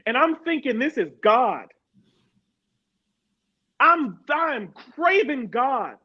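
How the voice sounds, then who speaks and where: A woman from Harrisburg, Pennsylvania, speaks as a panel guest in a strikingly high voice, pressing her points with emphatic repetition. The sound is dull and lo-fi. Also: very animated, slow, husky. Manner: emphatic, repeats words for stress. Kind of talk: personal testimony in a panel talk.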